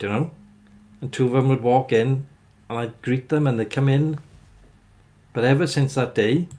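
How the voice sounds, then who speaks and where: A man's voice: medium pitch, a little mellow. A man hosting a livestream, telling a rambling story to his chat and tagging "right?" onto his sentences. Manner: rambling anecdote, keeps adding "right?". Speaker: livestream host. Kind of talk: ranting storytelling to live chat.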